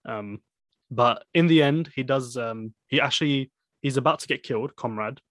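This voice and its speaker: A man's voice: mid-range voice, normal speed, fairly bright tone, no echo, studio quality. A man casually discussing a film with a friend, rambling with many fillers and restarts.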